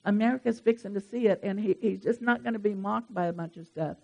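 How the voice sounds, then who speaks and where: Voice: mid-range voice, fast, vocal fry. Emphatic pastor. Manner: lively, emphatic, talks straight to the congregation. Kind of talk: sermon.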